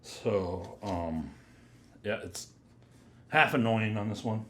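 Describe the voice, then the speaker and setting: A man giving a casual, rambling first-impressions review of perfumes, chatty and drifting into quiet mutters as he sniffs. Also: on the low side, slow pace. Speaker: fragrance reviewer.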